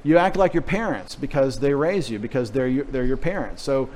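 A man's voice: medium pitch, a little fast, a little mellow. A middle-aged man from Texas preaching a sermon with a light Texas accent, joking in chatty asides. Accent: Texan. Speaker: pastor. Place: church.

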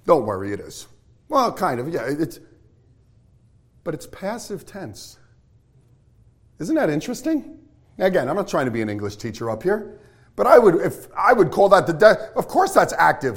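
A man preaching a sermon to his congregation, excitable and full of questions to the listeners. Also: fairly high pitch, normal speed. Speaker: pastor.

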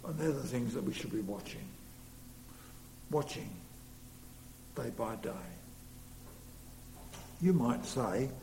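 A man's voice: medium pitch, expressive, slow pace, vocal fry, long pauses, a little mellow. A man preaching a sermon earnestly, leaning hard on key words. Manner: earnest, rising to emphatic stresses. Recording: long reverb in a hall, faint hum.

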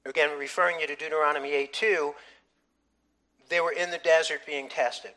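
Bright-voiced animated male preacher. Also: fairly high pitch, moderate pace. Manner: animated, emphatic storytelling with frequent restarts. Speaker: pastor. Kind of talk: sermon.

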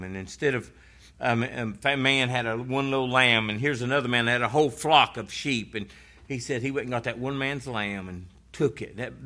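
Bright-voiced man preaching a sermon. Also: medium pitch. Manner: earnest, conversational preaching that retells scripture stories.

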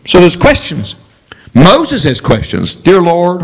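A man's voice: slow, creaky, slightly rough, poor audio. A man preaching a sermon as a traveling preacher, leading the congregation in call-and-response. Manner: animated, swooping pitch for emphasis.

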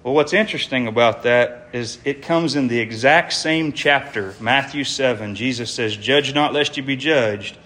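Male preacher, mid-pitched voice, earnest and emphatic, evangelistic sermon with rhetorical questions. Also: moderate pace, hardly any pauses, bright, forceful tone.

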